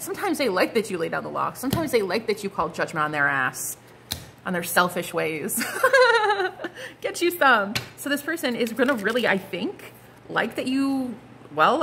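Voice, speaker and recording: A young woman giving a casual tarot reading to her viewers, blunt and animated, swearing freely as she calls things out. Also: mid-range voice, a little hiss or hum. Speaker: psychic tarot reader.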